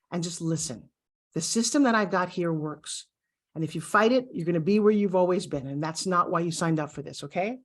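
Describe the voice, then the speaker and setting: Upbeat woman coach teaching a video course, talks right to you, mid-range voice. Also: mid-range voice. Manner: upbeat, talks straight to the viewer. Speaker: course instructor.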